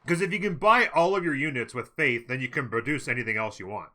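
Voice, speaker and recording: A man giving relaxed, thinking-aloud commentary on a strategy game match during a live stream, talking casually at a desk microphone. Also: medium pitch, fast talker.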